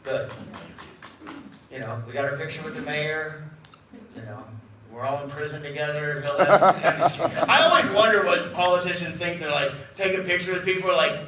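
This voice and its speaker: A man's voice: on the high side, moderate pace, a crowd in the background. A middle-aged man giving a live talk to an audience as a company head, joking and telling stories, acting out the voices of the people he quotes. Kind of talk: live event speech. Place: large event room. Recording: echoey room, speaker far from mic.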